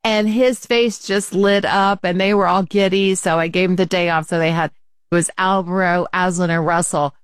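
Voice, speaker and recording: Chatty woman telling an animated story. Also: on the low side, moderate pace, smooth, dry recording, studio quality. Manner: animated, laughing, acts out quoted voices. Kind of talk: casual storytelling chat.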